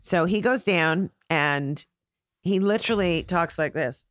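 Animated woman spinning a comedy anecdote. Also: on the low side, a little slow, dry recording, studio quality. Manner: animated, acts out voices in her stories. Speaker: guest comedian. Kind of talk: casual storytelling. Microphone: podcast studio mic.

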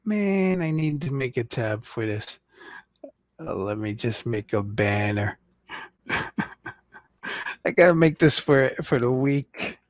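Slow-talking, jokey livestream host man. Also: lively intonation, dry recording, highs cut off. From United States. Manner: rambling and jokey, mocking impatient fans in squeaky voices. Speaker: toy collector livestream host. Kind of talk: casual livestream chat.

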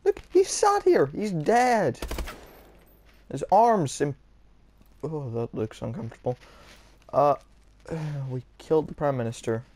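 A man's voice: on the high side, sing-song, slow pace, pauses often, a little mellow. A man giving wry, sarcastic commentary while playing a video game. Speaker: gameplay commentator. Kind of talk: casual gameplay commentary.

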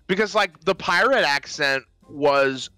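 A young man chats through a film recap with bouncy, swooping delivery and a bright, forward tone. He keeps slipping into silly character voices. The sound is dry and close, with faint music behind him. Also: a little high, a little slow, no echo. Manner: animated, acts out scenes in silly voices. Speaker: podcast co-host. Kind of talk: casual movie review chat.

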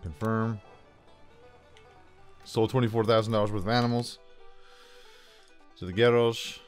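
A man's voice: lowish voice, steady tone, measured pace, clean tone, soft background music. A man casually commenting on a farming game as he plays, chatting to himself and the game with jokey asides. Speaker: gameplay commentator.

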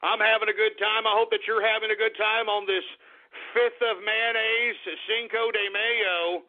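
Rowdy high-voiced man hosting radio. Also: flat delivery, normal speed. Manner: boisterous, laughing, hollering. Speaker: radio show host. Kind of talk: rowdy call-in radio banter. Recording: tinny phone-like audio, faint music.

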